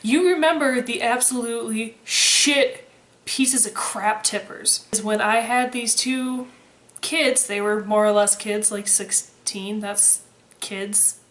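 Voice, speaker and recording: A woman's voice: fairly high pitch, takes it slowly, a bit bright. Sarcastic young woman vlogger, roomy echo. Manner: sarcastic, swears freely, dry humor. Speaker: vlogger, former waitress. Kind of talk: casual chat to camera.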